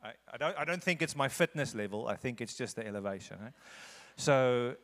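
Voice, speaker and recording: A South African man visiting a large church as a guest speaker talks conversationally and earnestly, often repeating phrases for emphasis, as his talk leads into a sermon. His mid-range voice is brisk and a bit bright, with lively intonation, heard in an echoey church hall.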